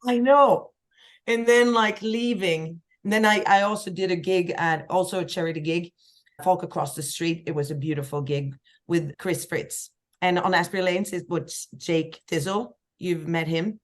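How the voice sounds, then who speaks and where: A woman from Sweden, a singer-songwriter guest telling lively stories in a casual podcast chat. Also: normal speed. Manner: lively storyteller, acts out quoted voices with big pitch jumps.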